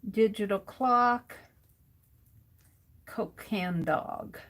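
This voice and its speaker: A woman's voice: mid-range voice, a bit bright. A middle-aged woman chatting casually to herself as she sketches for her art vlog, musing over what to draw next. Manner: slow, musing, talks to herself as she draws. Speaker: art vlogger. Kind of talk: casual narration while sketching.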